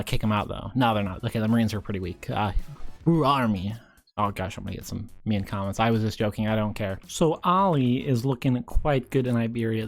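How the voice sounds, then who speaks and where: A young man giving casual, rambling commentary over a strategy game, at times breaking into excited cheering. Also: mid-range voice. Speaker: gaming commentator.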